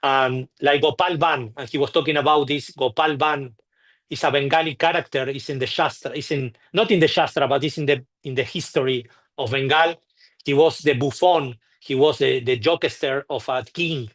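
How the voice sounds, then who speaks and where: A man telling anecdotes at a temple gathering, halting and restarting often, acting out the people in his stories. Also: medium pitch, steady tone, a bit bright. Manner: halting, with frequent restarts and repeated words. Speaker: devotee sharing memories at a temple. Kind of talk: anecdotal storytelling talk.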